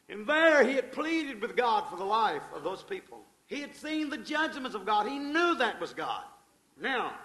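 A man with a voice pitched very high for a man preaches a sermon, speaking fervently and folksily and calling his listeners folks. His volume swings from loud, driving passages down to hushed ones. The recording is rough.

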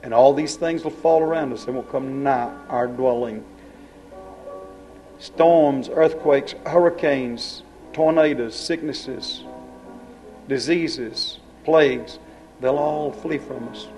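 A man's voice: mid-range voice, slow pace, a little mellow, soft background music, poor audio. A middle-aged man preaching a sermon in a folksy, emphatic style. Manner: folksy, emphatic, rural vernacular grammar.

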